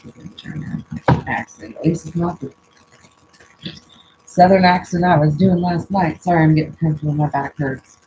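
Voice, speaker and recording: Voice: mid-range voice, fairly even intonation, moderate pace, pauses often, darkish tone, slight background noise, low-quality recording. A spiritual coach giving a casual oracle card reading and prayer at home, musing aloud and often trailing off mid-thought.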